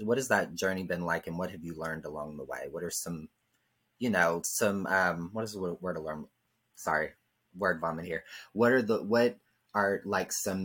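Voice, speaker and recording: A man's voice: low-pitched, fairly bright tone, breathy edge. A man with a Southern American accent, hosting an interview and rambling a little as he searches for words. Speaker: podcast host. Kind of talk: casual interview questions.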